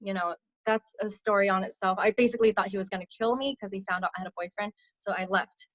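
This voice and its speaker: A young woman speaking softly as a podcast guest, recounting her own past with many fillers. Her voice sits at a medium pitch and sinks quietly on the heaviest moments. The sound is dry and close. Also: fairly even intonation, fast talker, dry recording. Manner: soft-spoken, frequent fillers, drops low on hard parts. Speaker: podcast guest, abuse survivor mentor. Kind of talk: candid personal testimony.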